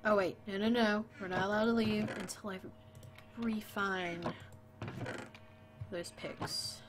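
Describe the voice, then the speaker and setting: A woman's voice: medium pitch, steady tone, slow, noisy background. A woman streaming a game late at night, tired and chatty, talking to her viewers and her dog. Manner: sleepy, chatty, talks to chat and her dog. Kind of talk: casual gaming stream chat.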